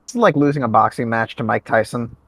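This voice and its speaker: A man's voice: medium pitch, animated, a little fast, gravelly, crowd noise. A man on a casual group podcast, cracking puns and jokes as he votes. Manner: jokey, punning. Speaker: podcast panelist.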